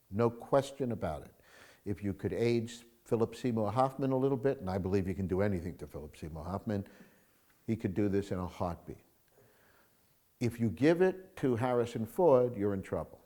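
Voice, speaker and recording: A male screenwriter in an interview, talking in an animated storytelling way, acting out film scenes and swinging from hushed to loud. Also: on the low side, moderate pace. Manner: acts out film scenes, mimics crowds, shifts from hushed to loud.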